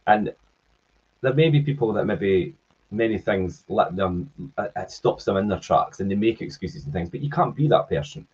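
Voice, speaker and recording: A man co-hosts a business podcast, chatting casually and reflecting in agreement. His voice is very deep and strongly raspy. The recording is dull and lo-fi. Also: lively intonation, moderate pace, darkish tone. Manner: agreeable, reflective, brief backchannels. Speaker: podcast co-host.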